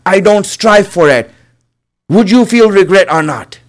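A man's voice: sits high, animated, unhurried. A man giving an earnest religious sermon, repeating phrases for emphasis and calling his listeners his friends. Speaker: preacher.

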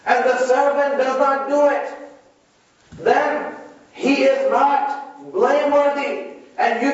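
A man preaching a sermon to his listeners, repeating key lines and asking them rhetorical questions. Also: very high voice. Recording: echoey, distant, dull lo-fi hall recording.

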